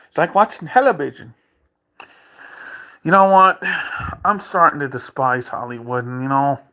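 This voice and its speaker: A man's voice: fairly high pitch, bright, forceful tone. Furious man ranting at the camera. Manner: heated, profane, taunting, repeats phrases. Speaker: vlogger. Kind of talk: angry rant to camera. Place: dark room at home.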